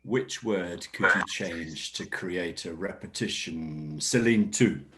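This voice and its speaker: A man teaching an online English workshop, encouraging learners and modeling sentences with clear stress. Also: low voice, slow, fairly bright tone. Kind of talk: online class instruction.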